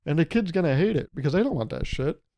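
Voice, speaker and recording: A man's voice: a little high, expressive, fast, warm tone. A man in his twenties hosting a solo podcast, rambling and joking as he acts out little quoted exchanges. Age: 20s. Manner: rambling, jokey, swears freely, acts out quotes. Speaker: podcast host. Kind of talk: casual solo podcast monologue.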